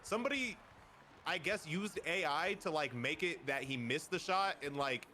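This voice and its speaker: A man swearing heavily as he tells excited stories in a casual group chat. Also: fairly high pitch, normal speed, a little hiss or hum. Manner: excited storytelling, heavy swearing.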